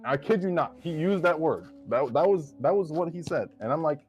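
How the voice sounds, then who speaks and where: A man's voice: on the high side, animated, fairly quick, few pauses, faint music behind. A man joining a streamed chat as a guest, making his points in a wordy, argumentative, self-mocking way. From Polish family. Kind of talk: casual debate chat on a stream.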